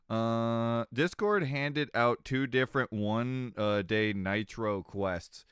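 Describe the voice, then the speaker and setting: A man's voice: on the low side, a little slow, fairly bright tone, clear, resonant tone, no echo, studio quality. A man with a slight Southern American twang chatting casually with viewers on a live stream, rambling and joking and laughing between sentences. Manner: rambling, jokey, often laughing mid-sentence.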